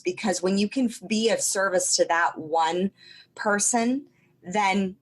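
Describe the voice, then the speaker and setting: Husky woman podcast host. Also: on the low side. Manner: thoughtful, reflective, speaks in long run-on sentences. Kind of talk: casual podcast interview.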